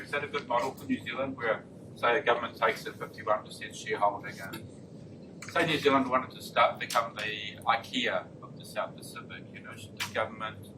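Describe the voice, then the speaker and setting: A man in the audience asks his question hesitantly, his voice on the low side. He is far from the mic. Room ambience and noise are clearly present. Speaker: audience member asking a question.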